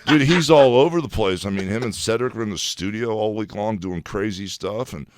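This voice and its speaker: An older man talks as a guest in a radio studio, his voice sitting a little low. He rambles through animated stories, leaning on "dude" and "brother". The sound is close and dry. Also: fairly quick, no room sound. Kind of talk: casual radio studio chat.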